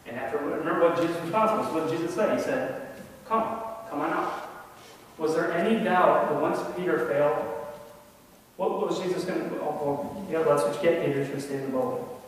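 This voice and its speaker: A man's voice: a little high, a little hiss or hum. Echoey, far-off man preaching a sermon. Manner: conversational, asks the congregation questions. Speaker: lay preacher. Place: church sanctuary.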